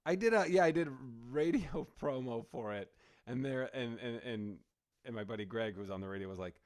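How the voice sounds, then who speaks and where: Animated storytelling man. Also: medium pitch, fairly quick. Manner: animated storyteller, acts out quotes. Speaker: podcast co-host, comedian. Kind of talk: casual chat.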